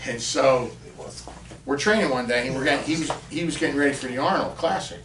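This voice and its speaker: This podcast guest has a medium pitch and talks a little fast, telling a story in casual chat with lively energy and throwing himself into acted-out quotes. He sounds set back from the mic in a roomy space, with faint hiss behind him.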